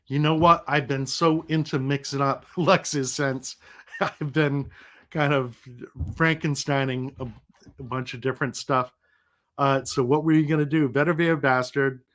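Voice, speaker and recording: A man's voice: mid-range voice, fairly even intonation, a little slow, a bit bright. A middle-aged man who is sick and recovering, hosting a casual livestream and chatting in a rambling, easygoing way, laughing now and then. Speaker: livestream host.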